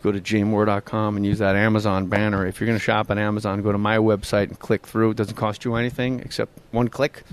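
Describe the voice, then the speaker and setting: A podcast host putting on a hushed, low, murmuring male golf announcer voice. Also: little pitch movement, fast talker, few pauses, clear, resonant tone, close to an everyday voice.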